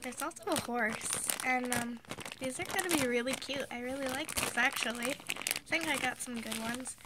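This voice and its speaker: Slow-talking sick teen girl. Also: sits high, background noise. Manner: chatty, giggly, amused. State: sick, congested. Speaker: vlogger. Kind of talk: casual unboxing vlog.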